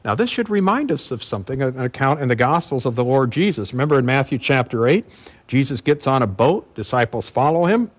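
A man's voice: medium pitch, expressive, fairly quick, breathy edge. A male pastor giving an expository sermon, teaching in a conversational way with emphatic repetition and occasional fillers.

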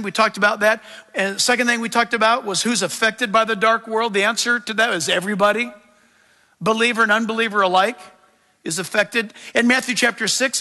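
High, bright-voiced preacher man in an echoing hall. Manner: animated, emphatic preaching with humorous asides. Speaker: pastor. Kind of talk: sermon.

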